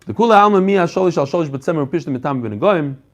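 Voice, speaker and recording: High-voiced animated rabbi teaching Talmud. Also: male voice, racing. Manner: animated, mixes English with Hebrew and Yiddish terms, talks to listeners directly. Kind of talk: lively Talmud class lecture.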